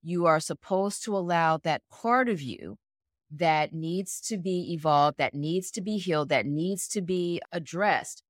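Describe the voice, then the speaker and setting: A woman working as a mental performance coach, answering interview questions and walking through scenarios step by step in an animated way. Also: on the low side, unhurried, dry recording, clean studio sound.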